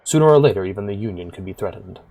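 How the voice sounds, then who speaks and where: A man voicing a big, weary bar owner who talks low, quietly and somberly. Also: lively intonation, rapid-fire. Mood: grave.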